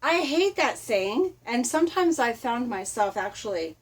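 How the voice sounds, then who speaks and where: Chatty animated woman with a high voice. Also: measured pace, husky. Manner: chatty and animated, laughs often, acts out quotes. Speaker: motivational vlogger. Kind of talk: casual motivational talk.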